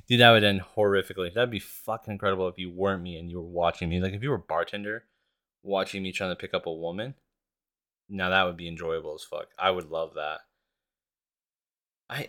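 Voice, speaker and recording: Deep, bright-toned man rambling casually. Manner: profane, self-mocking, laughs often; rambling with restarts. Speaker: podcast host. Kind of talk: casual solo podcast chat.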